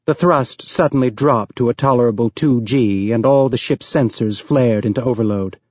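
A man reading an audiobook aloud as narrator, raising his pitch to voice characters. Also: moderate pace, darkish tone, slightly rough, dry recording, highs cut off.

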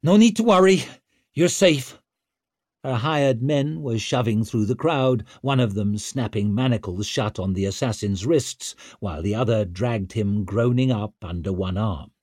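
A man reading a novel aloud as narrator, in a measured, tense manner. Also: lowish voice, darkish tone, dry recording, studio quality. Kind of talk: scripted audiobook narration.

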